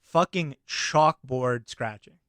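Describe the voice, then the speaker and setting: A young man co-hosting a podcast in loose, animated chat, his voice bright and very crisp. He talks in exclamations with plenty of swearing. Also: mid-range voice, slow pace, dry recording, clean studio sound. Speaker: podcast co-host. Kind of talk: casual comedic chat.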